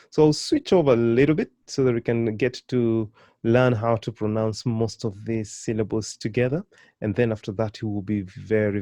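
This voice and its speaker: A man teaching a beginner pronunciation lesson, drilling syllables slowly and encouraging the learner. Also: medium pitch, mellow, no room sound. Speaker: language teacher.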